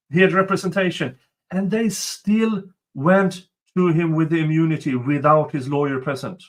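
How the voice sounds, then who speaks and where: A man's voice: on the high side, moderate pace. A man commenting on a court transcript he reads aloud, with emphatic, exasperated asides.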